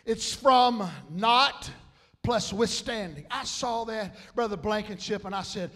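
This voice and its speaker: Male pastor preaching, pitched high, building to loud rises. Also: slow. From South Louisiana. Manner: preaching with loud rises and fillers like amen and hallelujah. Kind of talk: sermon.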